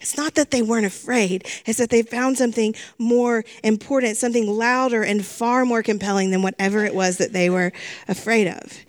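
A woman's voice: on the high side, fairly even intonation, normal speed. A middle-aged woman pastor giving a sermon in an earnest way, repeating phrases for emphasis.

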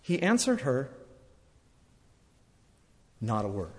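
Dramatic male preacher, very animated pitch, repeats lines for emphasis, long hall reverb. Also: slow, breathy edge. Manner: dramatic, swings between loud and hushed. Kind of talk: sermon.

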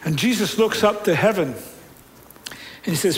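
A man preaching a sermon as a pastor, retelling scripture in a conversational, storytelling way with loud peaks and quiet stretches. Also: high-pitched, lively intonation, moderate pace, a little hiss or hum, low-quality recording.

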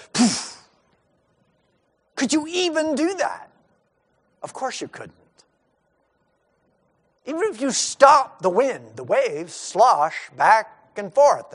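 A man preaching a sermon in an animated way, acting out the people in the story in quick asides. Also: sits high. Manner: animated, acts out the disciples' panic in asides. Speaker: pastor.

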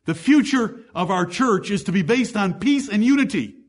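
Husky-voiced man preaching a sermon. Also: sits high, animated, normal speed. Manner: preaching, reading scripture aloud with emphasis. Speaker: pastor.

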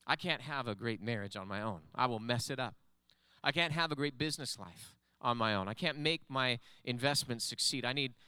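A man preaching with a bright, forceful tone and a smooth, crisp voice. His delivery rises into fervent, repeated declarations before dropping back to plain teaching. The sound is close and dry, with little room echo. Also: mid-range voice. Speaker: pastor. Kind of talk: sermon. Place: church sanctuary with congregation.

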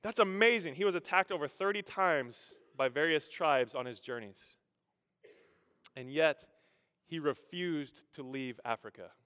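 Bright-voiced pastor preaching in a hall. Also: male voice, unhurried, smooth. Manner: animated, self-deprecating humor, drops low and quiet for solemn moments. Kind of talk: sermon storytelling. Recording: long hall reverb.

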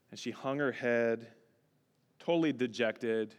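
A man's voice: medium pitch, a little slow, clean tone. A male pastor preaching a sermon, telling a personal story with expression and building to a fervent exhortation. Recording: long reverb, large hall.

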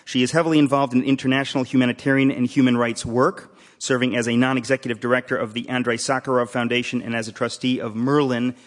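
Deadpan man hosting a live event. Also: medium pitch, fast talker, hardly any pauses. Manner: dry, deadpan joking with asides. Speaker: host introducing a speaker. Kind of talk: humorous introduction at a live event. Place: hall with a live audience.

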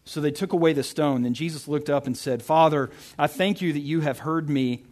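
A man's voice: on the high side, brisk, a little mellow. Chatty young man preaching casually. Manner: chatty, self-interrupting, often asks "right?". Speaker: pastor. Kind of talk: casual sermon with Bible reading.

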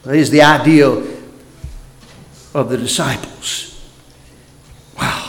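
A man preaching a sermon as pastor, swinging from loud emphatic bursts to quiet, near-whispered lines. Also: mid-range voice, slow, vocal fry, a little hiss or hum. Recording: roomy hall reverb.

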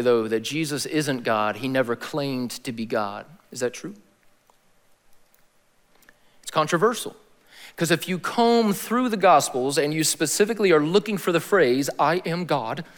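Man preaching casually, slightly high voice. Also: unhurried, pauses often, in a large hall. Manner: casual, slangy preaching with animated emphasis. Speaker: pastor. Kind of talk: sermon.

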